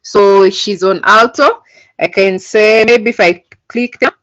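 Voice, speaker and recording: Taking it slowly in a mid-range, slightly bright voice, a woman from Uganda patiently explains coding step by step to an online class. She uses many fillers, and the video call audio sounds dull and lo-fi.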